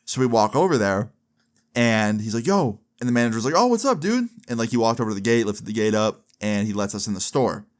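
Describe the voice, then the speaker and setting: A young man in his twenties telling a comic story in a casual, animated way, with frequent swearing. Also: lowish voice, fast.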